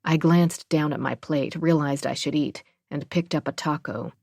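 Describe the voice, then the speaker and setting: Low, gravelly woman narrating an audiobook. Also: moderate pace, a little mellow, no echo, clean studio sound. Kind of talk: first-person audiobook narration.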